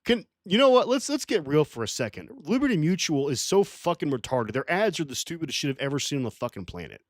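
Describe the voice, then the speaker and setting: Male streamer, casual livestream rant; profane and rambling, animated voice, dry sound. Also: a little high, fast talker, dry recording. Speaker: streamer reading live chat.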